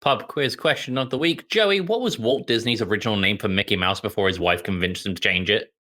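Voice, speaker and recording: A man's voice: lowish voice, a little fast, sharp tone. A British man co-hosting a comedy podcast, teasing and dry in casual chat. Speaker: podcast co-host.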